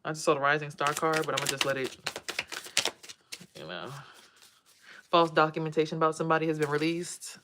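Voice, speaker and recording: A woman's voice: low voice, brisk, long pauses, noisy background. A woman doing a casual, rambling spiritual tarot vlog and talking straight to her viewers. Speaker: tarot reader and spiritual vlogger.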